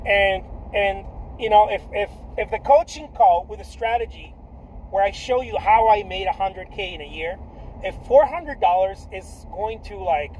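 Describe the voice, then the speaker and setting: A man coaching artists in a casual, blunt and profane pitch, repeating himself often with lots of restarts. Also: moderate pace, a little mellow, slight background noise, rough recording. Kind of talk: casual direct-to-camera pitch.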